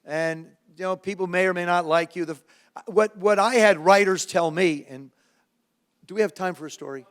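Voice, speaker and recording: A man around seventy, from New Jersey, telling lively, self-mocking stories to a live audience as a former quarterback and guest speaker. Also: high voice, normal speed, smooth. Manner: lively anecdotes with self-mocking humor, frequent restarts. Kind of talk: storytelling talk to a live audience.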